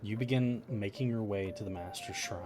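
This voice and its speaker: A man's voice: fairly low pitch, a little fast, over a noisy crowd. A man narrating and explaining the rules as the game master of a tabletop role-playing game. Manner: relaxed, explanatory narration with chuckles. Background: music.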